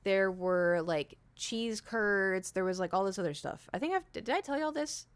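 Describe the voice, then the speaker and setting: A young woman streamer telling a rambling story to her chat, animated, with lots of "like" and acted-out quotes. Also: mid-range voice, normal speed, clean tone, no echo. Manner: animated, rambling, heavy use of "like", acts out quoted speech.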